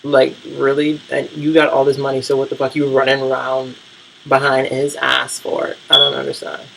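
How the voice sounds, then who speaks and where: Gravelly, blunt TV-recap vlogger. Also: mid-range voice, completely flat delivery, moderate pace, a bit bright, slight background noise, rough recording. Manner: blunt, profane and rambling, with frequent fillers. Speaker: vlogger reviewing TV shows. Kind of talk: casual TV recap rant.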